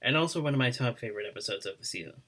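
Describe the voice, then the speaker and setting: A man's voice: mid-range voice, lively intonation, racing, fairly bright tone, slightly rough. A man co-hosting a podcast, chatting casually and hesitantly with fillers. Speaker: podcast co-host. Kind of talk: casual chat.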